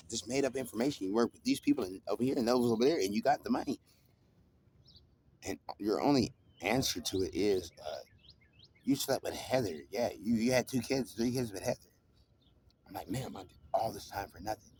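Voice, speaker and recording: A man with a drawl rambles on in a long, aggrieved monologue, stumbling over restarts and swearing freely. His voice sits at a middle pitch, with a faint hum of room noise behind it.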